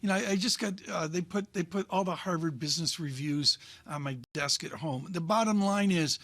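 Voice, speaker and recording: A man's voice: a little high, fairly quick, few pauses, fairly bright tone, no echo. A man co-hosting a live market talk show, wry and jokey, rambling with restarts. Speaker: co-host.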